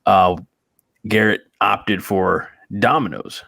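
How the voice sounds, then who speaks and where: Low-voiced man telling a chatty anecdote. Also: slow pace, creaky, pushed and bright, dry recording, studio quality. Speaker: podcast host. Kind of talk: casual chat.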